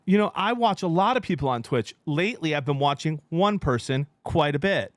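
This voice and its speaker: A man's voice: fairly high pitch, lively intonation, fairly quick, dry recording, studio quality, natural voice. A man putting on the voice of a sweet, chatty phone saleswoman in a story he tells. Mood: friendly. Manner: friendly small talk, raised voice.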